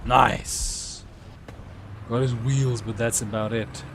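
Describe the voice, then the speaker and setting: A young man chatting through a live game stream, rambling about his play and breaking into sudden excited shouts. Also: mid-range voice, slow pace, gravelly, background noise. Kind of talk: live gameplay commentary.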